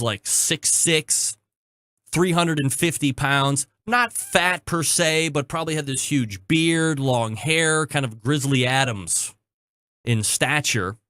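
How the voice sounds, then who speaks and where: A man hosting his own podcast, telling a story in a chatty, joking way with quick asides, then reading a sponsor spot. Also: medium pitch, fairly bright tone, dry recording. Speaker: podcast host. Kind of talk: casual chat and sponsor read.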